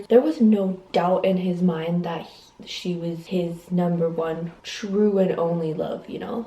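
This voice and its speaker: A woman's voice: medium pitch, mellow, reverberant, poor audio. A woman in her twenties chatting casually in a reading vlog, rambling and full of fillers. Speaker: vlogger. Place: messy bedroom. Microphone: phone camera.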